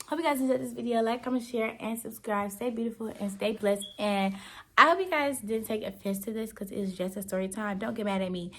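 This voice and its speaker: A woman's voice: on the high side, a little fast. A teenage girl from Georgia, telling a story in a chatty, slangy, playful way in a casual vlog. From Georgia, USA. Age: teens. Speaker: vlogger.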